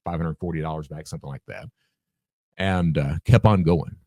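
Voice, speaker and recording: A man's voice: rumbling low, normal speed, no echo, studio quality. A man guest on a podcast, telling a story casually, acting out the dialogue and swearing freely. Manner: animated, acts out quoted dialogue, swears freely.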